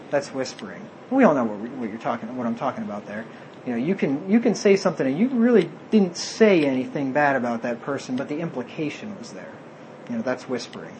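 A man's voice: medium pitch, a little mellow, a little hiss or hum, poor audio. A man preaching a sermon, reading scripture aloud and explaining it plainly.

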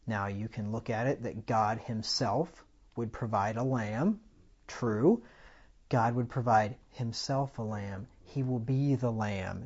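A man's voice: mid-range voice, lo-fi sound. A man preaching a sermon in a conversational way, paraphrasing scripture in everyday speech and raising his voice for dramatic lines. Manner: conversational, loud swells when quoting scripture. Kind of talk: expository sermon.

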